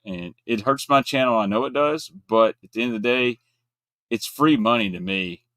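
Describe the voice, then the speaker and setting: A man chatting casually as guest co-host, blunt and folksy, talking in quick bursts. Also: mid-range voice, a bit bright, no echo, clean studio sound. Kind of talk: casual chat.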